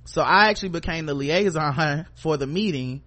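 A man's voice: on the high side, moderate pace, sharp tone. A man casually telling a long workplace anecdote on a talk show, cursing freely and acting out what people said. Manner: loose anecdotal telling, acts out quoted voices, curses freely. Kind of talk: casual storytelling chat.

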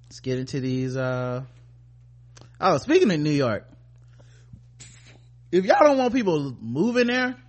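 A man co-hosting a podcast, ranting in a profane, animated, mock-outraged way. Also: sits high. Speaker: podcast co-host. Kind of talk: casual comedic rant.

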